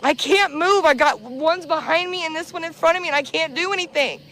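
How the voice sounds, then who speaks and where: Panicked high-voiced woman filming in dark woods. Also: brisk. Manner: pleading, breathless, panicky, swearing. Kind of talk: frightened live commentary to viewers. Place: dark woods outdoors at night. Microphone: handheld camera.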